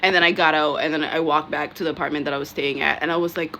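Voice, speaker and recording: A young woman telling a wild dating story casually, animated, swearing and laughing as she goes. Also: low-pitched, fast talker, few pauses.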